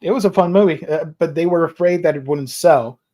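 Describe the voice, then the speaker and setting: A man's voice: a little high, brisk, warm tone. A man chatting as a guest about comic movies and books, explaining at length with many fillers. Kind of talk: casual chat.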